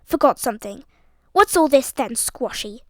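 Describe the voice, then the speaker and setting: A woman reading an audiobook voices a brash, scornful young upper-class man who blusters and mocks loudly. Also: high voice, expressive, normal speed, no echo, studio quality. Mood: blustering. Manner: loud, blustering and mocking.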